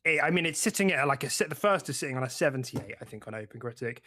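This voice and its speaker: A young man co-hosts a casual gaming podcast, chatting and laughing often, with many fillers and restarts. His medium-pitched voice is expressive, racing, pushed and bright.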